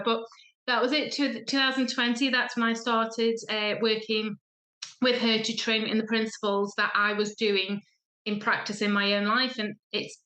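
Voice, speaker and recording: A woman's voice: a little high, level tone, normal speed, pushed and bright. A woman in her thirties, a guest on a podcast, telling her story chattily and acting out the voices of people she quotes. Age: 30s. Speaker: guest, feng shui coach. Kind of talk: casual podcast chat. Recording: echoey room.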